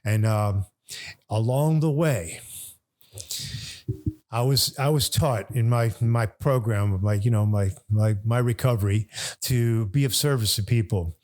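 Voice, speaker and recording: A man's voice: lowish voice, unhurried, a little mellow. An older man from New Orleans, a podcast guest, telling a long story in a rambling way, restarting and repeating words as he goes. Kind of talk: casual storytelling. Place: bar.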